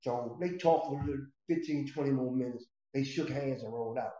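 A man's voice: medium pitch, brisk, dark tone. A middle-aged man casually telling a story from his past, streetwise and profane, rambling with restarts. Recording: roomy, slightly dull recording.

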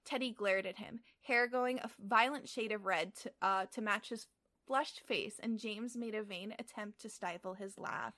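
A woman's voice: medium pitch, steady tone, moderate pace, pushed and bright. A young adult woman reading a story aloud casually, often stumbling and correcting herself with fillers. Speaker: reader. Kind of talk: casual read-aloud of fan fiction.

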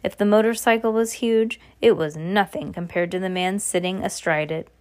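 A woman reading a novel aloud in a steady manner, with occasional restarts. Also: medium pitch, normal speed. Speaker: reader.

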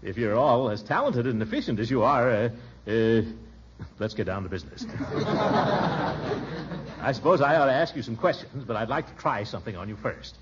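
A man's voice: medium pitch, animated, a little fast, long pauses, a little hiss or hum, close to an everyday voice. A man playing a stammering, chuckling pompous official. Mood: flustered. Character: blustering flustered middle-aged male official. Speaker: pompous small-town official. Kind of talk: 1940s radio acting. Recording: dull old radio recording.

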